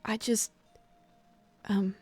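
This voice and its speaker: A woman's voice: extremely slow, darkish tone, no room sound, soft background music. Woman doing a stammering timid tomcat. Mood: cowed. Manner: stammering, hesitant. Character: timid young male cat accused and cornered.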